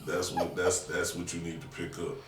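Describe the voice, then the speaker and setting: A man's voice: sits low, completely flat delivery, moderate pace. A man hosting a casual podcast, rambling and cursing in a loose, stop-start way. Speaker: podcast host. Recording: echoey room, distant mic, noisy.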